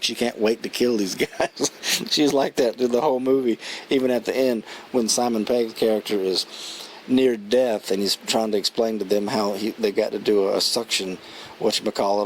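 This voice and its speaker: A man with a lowish voice talks through a film review in a loose, rambling way, restarting sentences and chuckling as he retells scenes. A faint hum of room ambience sits behind him. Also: fairly even intonation, moderate pace, rough recording. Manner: rambling, chatty, many restarts and fillers. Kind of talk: casual spoken film review.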